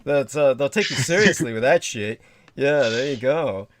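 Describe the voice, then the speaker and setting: A man's voice: medium pitch, expressive, normal speed. A man hosting a livestream in casual, rambling chat who swears freely and drifts into asides. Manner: rambling, profane, jumps between asides. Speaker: livestream host.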